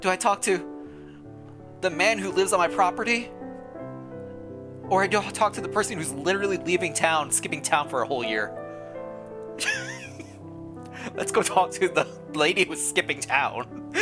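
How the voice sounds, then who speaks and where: A man's voice: high-pitched, huge pitch swings, unhurried, pauses often, music in the background. A man streamer reading a story game aloud with playful commentary, laughing often between the lines.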